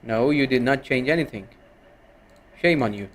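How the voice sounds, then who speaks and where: A man's voice: medium pitch, expressive, moderate pace. A male streamer in a casual live stream, giving orders to an AI assistant and heckling it.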